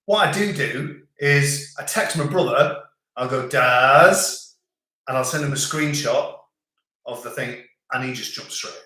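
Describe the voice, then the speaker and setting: A man's voice: medium pitch, measured pace, sharp tone. British man chatting in a very echoey room. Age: middle-aged. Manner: rambling, with frequent restarts and filler. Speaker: channel host reading live chat. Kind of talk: casual live stream chat.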